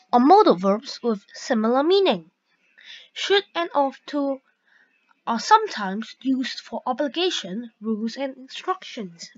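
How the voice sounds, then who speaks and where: A woman teaching a grammar lesson, reading example sentences aloud slowly and carefully. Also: a little high. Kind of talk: slow grammar lesson narration. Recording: dull lo-fi recording.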